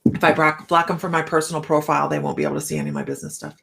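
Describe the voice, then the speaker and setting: A woman's voice: low voice, very animated, very fast, gravelly, a bit bright. A woman hosting a live tarot stream, chatting casually with viewers, greeting them by name and laughing often.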